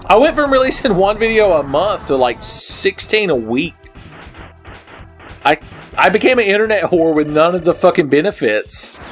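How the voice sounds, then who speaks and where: A young man slurring a little while drinking, giving rambling, profane commentary on a game as he plays it, swinging between low mutters and sudden yells. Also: big pitch swings, moderate pace, soft background music. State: slightly drunk, slurring. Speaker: gaming video maker. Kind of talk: drunken let's play commentary. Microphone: headset.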